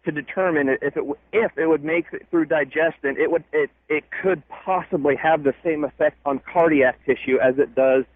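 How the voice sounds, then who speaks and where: A man calls in to a radio show and explains things in a halting way, restarting his sentences. His voice is slightly high. It comes through a tinny, phone-like line. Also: fairly even intonation, no room sound. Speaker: caller. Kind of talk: call-in radio chat. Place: state fairgrounds.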